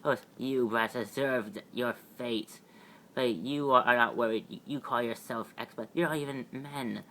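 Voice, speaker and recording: A man voicing a scornful, cruel mentor figure in a fan-made superhero audio drama, speaking slowly with a sneer. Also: medium pitch, pushed and bright. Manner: slow, sneering. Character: cruel, scornful male mentor turned tormentor.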